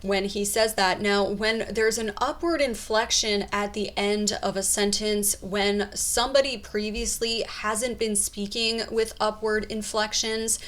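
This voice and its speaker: A woman explaining body language in a video commentary, calm and explanatory. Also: medium pitch, measured pace, few pauses.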